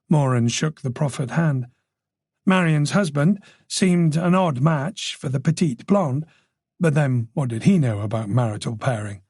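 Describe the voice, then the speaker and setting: A man narrating a thriller audiobook in a measured storytelling manner. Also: medium pitch, animated, darkish tone, husky, no echo, studio quality. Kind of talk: scripted narration.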